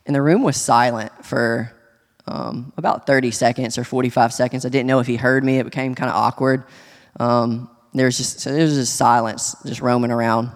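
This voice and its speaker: A man sharing a personal testimony in church, speaking earnestly and haltingly, with many restarts. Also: mid-range voice, steady tone. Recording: long hall reverb.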